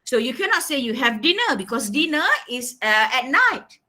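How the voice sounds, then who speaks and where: A woman's voice: sits high, very animated, moderate pace, pushed and bright. A woman teaching an exam coaching lesson, giving emphatic, repetitive instructions to her students. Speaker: English teacher.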